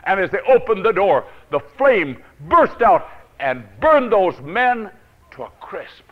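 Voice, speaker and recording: A male preacher telling a Bible story in a dramatic sermon, swinging from loud to hushed and chuckling often. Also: high voice, big pitch swings, a little slow, phone-quality sound.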